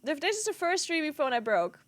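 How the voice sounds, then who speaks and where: A woman's voice: high-pitched, big pitch swings, brisk, a bit bright, no room sound. A woman streaming live, chatting casually with her viewers, laughing often and swearing. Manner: laughing helplessly, swearing, talking to chat.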